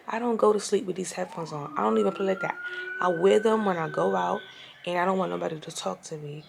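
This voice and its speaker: A young woman vlogger at home launches into a casual storytime rant, exasperated and profane, retelling it with lots of animation. Her mid-range voice moves fairly quickly with a creaky texture, over a faint hiss or hum.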